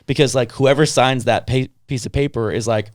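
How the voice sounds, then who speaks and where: A man's voice: mid-range voice, fairly even intonation, brisk, dry recording, clean studio sound. A young man telling a story in casual podcast chat, acting out the people in it, swearing casually and using plenty of fillers. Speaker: podcast co-host.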